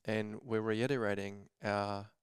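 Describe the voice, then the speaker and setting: A man's voice: on the low side, little pitch movement, a little slow, smooth, no room sound, studio quality. A man co-hosting a podcast, earnestly building up to a question, with stuttering restarts. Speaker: podcast co-host. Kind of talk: reflective conversational question.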